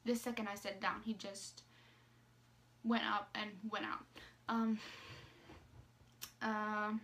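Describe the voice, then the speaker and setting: A woman from Sweden with a Swedish accent, telling a story to her phone camera in a halting way, full of ums and likes. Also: medium pitch, flat delivery, a bit bright, a little hiss or hum. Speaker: vlogger.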